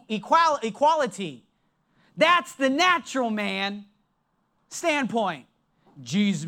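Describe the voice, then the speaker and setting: Slow, deliberate preacher with lively pitch. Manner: emphatic, slow and deliberate, drops low for stress. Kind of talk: sermon.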